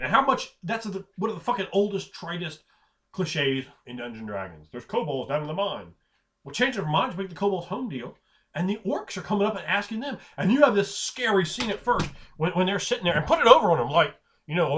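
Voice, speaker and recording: A man's voice: on the high side, sing-song, a little fast, a bit bright. A tired man rambling casually about running tabletop games, swearing now and then and acting out characters as he goes. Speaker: game master giving advice. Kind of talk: casual tabletop gaming talk.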